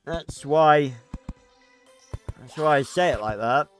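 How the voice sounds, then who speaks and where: A man's voice: a little high, slow pace, soft background music. A man livestreaming a game, chatting casually and rambling with lots of fillers and restarts. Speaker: streamer. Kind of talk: casual gameplay livestream chat.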